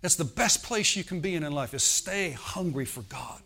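A man's voice: a little high, expressive, normal speed, vocal fry, pushed and bright. A man preaching a sermon, telling a personal healing story and often asking the congregation "Amen?". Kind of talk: sermon testimony.

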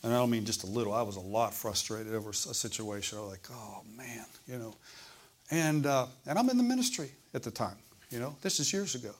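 A man preaching a sermon in a church service, asking the congregation questions and swinging between loud and hushed delivery. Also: medium pitch, lively intonation, quick pace, few pauses, slight background noise. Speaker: pastor.

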